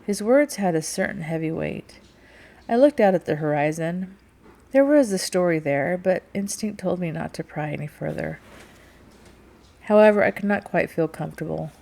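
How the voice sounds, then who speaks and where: A woman narrating a first-person novel as an audiobook, in a measured, quiet storytelling manner. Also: fairly low pitch, animated, gravelly.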